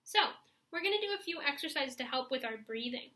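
Her voice sits high, animated and a little fast, with a pushed, bright quality, heard through roomy sound and poor audio. She's teaching clarinet in a video lesson, cheering her students on and guiding them step by step through stretches and breathing while audibly breathing and sighing in demonstration.

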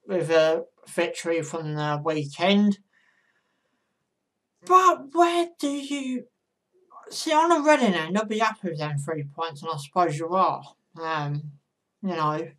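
A woman's voice: lowish voice, measured pace, fairly bright tone. Chatty woman giving football predictions. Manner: chatty, speaks straight to viewers. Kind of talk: casual predictions monologue.

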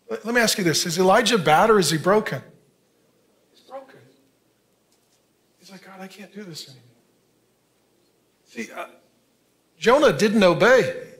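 High-voiced pastor in his fifties. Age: 50s. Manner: conversational preaching, drops to quiet for emphasis. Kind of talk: sermon.

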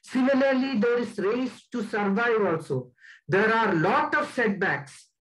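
A man giving a slide presentation as a guest speaker, deliberate and stressing key words. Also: sits high, animated, fairly bright tone, poor audio.

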